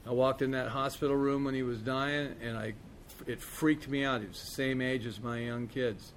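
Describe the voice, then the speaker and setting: A man's voice: medium pitch, steady tone, normal speed, a little hiss or hum. Casual, profane man telling a story. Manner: casual, profane, peppered with "man" and "you know". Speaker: speaker sharing his recovery story. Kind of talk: candid personal storytelling.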